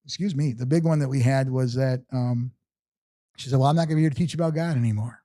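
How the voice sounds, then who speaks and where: A middle-aged man, an interview guest, telling a personal story in a casual, halting way full of restarts and fillers. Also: mid-range voice, mellow, no room sound, studio quality.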